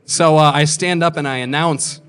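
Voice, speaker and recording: A man's voice: a little high, fairly even intonation, moderate pace, fairly bright tone, clean tone. A man in his thirties doing stand-up, telling rambling self-mocking stories and swearing freely. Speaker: stand-up comedian. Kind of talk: stand-up storytelling.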